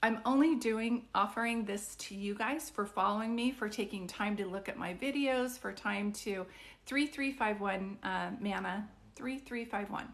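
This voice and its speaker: A woman doing psychic readings on a live stream, chatting with viewers in an excitable, rambling way. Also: mid-range voice, normal speed. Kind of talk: casual live-stream chat.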